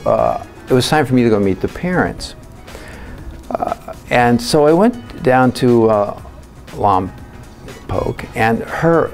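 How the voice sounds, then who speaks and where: A man's voice: lowish voice, gravelly, darkish tone. A man who works as a party psychic, telling stories in a rambling, anecdotal way with lots of fillers. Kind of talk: storytelling interview answers.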